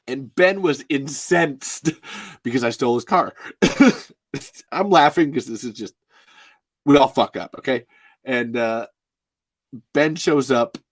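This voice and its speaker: A man's voice: a little high, no echo. Rambling, laughing man in his thirties. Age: 30s. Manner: rambling and laughing, heavy use of "like", swears freely. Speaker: live stream host. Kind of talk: casual storytelling to a live chat.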